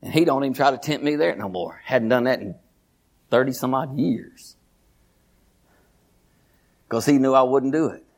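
A middle-aged man preaching a sermon as pastor, animated, folksy and repeating his phrases. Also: mid-range voice, moderate pace, gravelly, long pauses.

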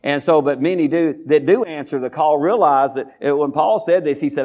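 A man preaching a sermon as pastor, folksy, calling out to his congregation and reading scripture slowly and deliberately. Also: fairly high pitch, a little mellow. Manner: folksy, call-and-response with congregation.

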